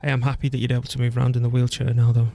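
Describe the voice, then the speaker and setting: A man streaming a strategy game, chatting casually and thinking out loud as he plays, laughing easily. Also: mid-range voice, monotone, racing, vocal fry, a little hiss or hum. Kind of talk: casual gameplay commentary.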